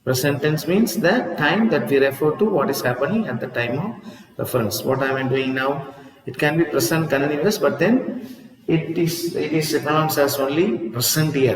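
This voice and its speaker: A man, teaching a lesson in a slow, repetitive way and often asking "see?" and "huh?". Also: a little high. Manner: slow, repeats each word, asks "see?" and "huh?". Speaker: English teacher. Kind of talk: classroom lesson. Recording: echoey room with long reverb.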